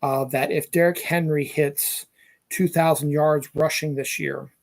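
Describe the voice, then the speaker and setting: A man's voice: a little high, fairly even intonation, measured pace, creaky, no room sound. A middle-aged man hosting a casual solo podcast, rambling through entertainment news with frequent swearing and lost trains of thought. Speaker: podcast host.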